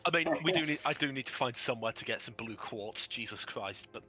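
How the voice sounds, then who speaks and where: A man's voice: medium pitch, animated, rough recording. A man playing a tabletop game, joking and teasing in casual banter. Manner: joking, quick to tease. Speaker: player.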